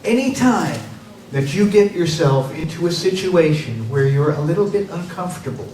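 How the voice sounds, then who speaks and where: A man's voice: fairly high pitch, lively intonation, normal speed, darkish tone, a little hiss or hum. A man giving an informal eulogy with humor and laughing asides. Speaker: memorial speaker. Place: coffee house gathering. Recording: roomy, distant, chatty crowd.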